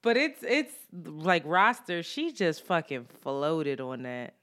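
A woman hosting a casual podcast chat, relaxed and candid, swearing freely and giving shout-outs. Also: low-pitched, slow pace. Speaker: podcast host.

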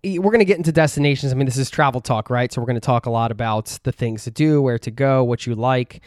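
A man hosting a podcast, asking questions in a relaxed, easygoing way. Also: mid-range voice, fast, clean tone, dry recording, studio quality. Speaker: podcast host. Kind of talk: casual interview chat.

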